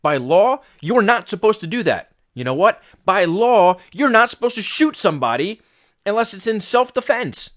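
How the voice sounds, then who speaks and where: Exasperated man ranting, high and lively. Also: normal speed. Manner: exasperated, blunt, swears. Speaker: fitness podcast host. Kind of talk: ranting podcast monologue.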